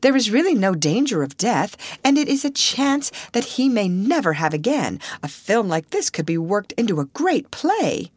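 A woman's voice: mid-range voice, sing-song, normal speed, few pauses, slightly rough, no echo, pitched above the performer's own voice. A woman voicing a bold, curious young woman in a novel reading. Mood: eager.

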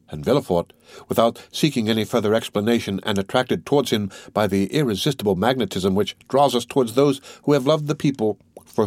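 A man narrating a classic novel in a steady, unhurried reading. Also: on the low side, no echo. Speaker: audiobook narrator.

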